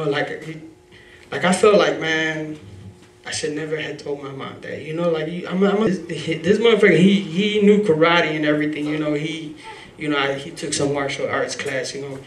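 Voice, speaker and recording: A man telling a raw, emotional personal story at a live story slam, rambling, swearing and filling gaps with "you know". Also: on the high side. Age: adult father. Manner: rambling, heavy on "you know" fillers, profane. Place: live event venue. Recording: roomy hall from a distance.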